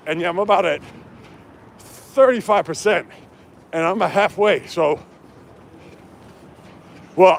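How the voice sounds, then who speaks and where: A man's voice: high voice, a little hiss or hum. A man livestreaming outdoors on city streets from his phone, chatting casually and reading viewer comments aloud as he runs. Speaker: livestream host. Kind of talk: casual livestream chat while running. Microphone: handheld phone.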